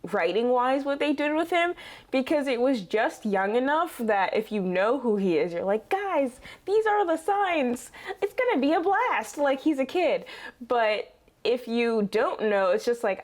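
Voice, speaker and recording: A young woman hosting a casual reaction video, chatty and quick to laugh, with lots of fillers. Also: sits high.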